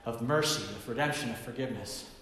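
Male pastor, mid-pitched voice, dramatic sermon storyteller in a booming reverberant hall. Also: fast talker, a little hiss or hum. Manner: dramatic storyteller, swings from hushed to loud bursts.

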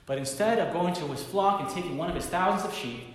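A pastor preaching a sermon, telling a story dramatically and swinging from hushed tones to loud bursts. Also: male voice, sits high, fast talker. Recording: very echoey hall reverb.

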